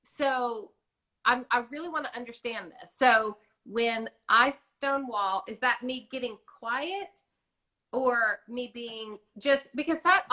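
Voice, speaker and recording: A woman's voice: a little high, pushed and bright. A middle-aged woman hosting a conversation, openly asking a counselor questions about her own habits. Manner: candid, searching questions. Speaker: host. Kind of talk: interview conversation.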